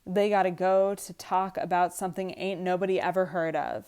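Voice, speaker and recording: A woman reading aloud the lines of a bitter, frustrated young husband from a script, slightly louder than her narration. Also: mid-range voice, unhurried, clean tone, close to an everyday voice. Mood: angry, bitter. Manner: read aloud from a script, lightly acted.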